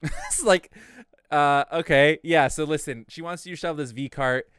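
A man's voice: on the high side, normal speed, clear, resonant tone, no echo, studio quality. A young man telling a work story in casual chat, swearing freely and acting out what others said. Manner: animated, profane, acts out quotes.

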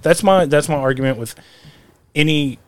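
A man's voice: a little high, moderate pace, clear, resonant tone. A man hosting a podcast, talking casually and with strong opinions, restarting and repeating words as he builds his point. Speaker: podcast host. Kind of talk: casual chat.

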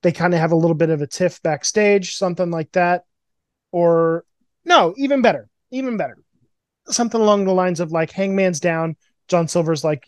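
A man's voice: sits high, moderate pace, no echo. A man hosting a podcast, riffing casually over a video call with profanity and mock quotes. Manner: profane, rambling, animated storytelling with mock quotes. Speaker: podcast host. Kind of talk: casual fantasy booking chat.

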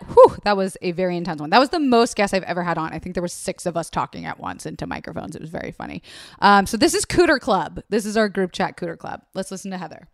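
A woman's voice: fairly low pitch, dry recording, studio quality. A woman hosting a podcast, chatting casually and gushing about her friends' stories, swearing freely. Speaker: podcast host. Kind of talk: casual chat reacting to voice notes.

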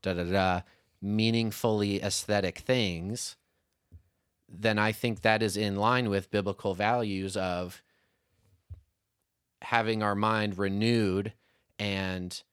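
A man's voice: fairly low pitch, fairly even intonation, slow, long pauses, a bit bright, clear, resonant tone, no echo, studio quality. A man co-hosting a faith podcast, talking things through in a thoughtful, casual conversation. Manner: thoughtful, lists ideas in stretched phrases. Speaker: podcast co-host.

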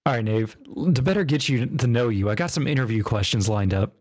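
A man's voice: medium pitch, brisk, a little mellow. A man co-hosting a podcast in casual chat, loose and rambling, with plenty of fillers and tangents. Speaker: podcast co-host.

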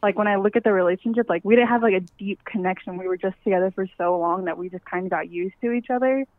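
A woman's voice: medium pitch, quick pace, no room sound. Female caller, out of breath, rambling and apologetic, dry phone-line sound. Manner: rambling, filler-heavy, apologetic. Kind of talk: casual phone call.

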